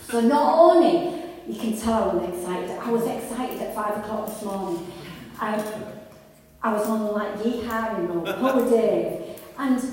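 A woman's voice: on the high side, a little mellow. A woman preaching a sermon to a congregation, earnest and conversational, with frequent restarts and rising fervour. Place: church hall with congregation. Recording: echoey hall, voice from far off.

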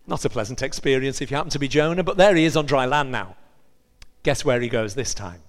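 A man preaching a sermon, telling a story in an animated way and acting out the characters' voices. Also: mid-range voice, fast talker, long reverb tail.

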